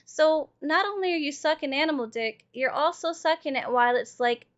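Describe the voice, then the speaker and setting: A woman streams a game with casual, foul-mouthed commentary, chatting with her viewers and bursting into laughter and loud outbursts. Her voice is high-pitched at a normal speed. The stream audio is dull and lo-fi, with faint music underneath.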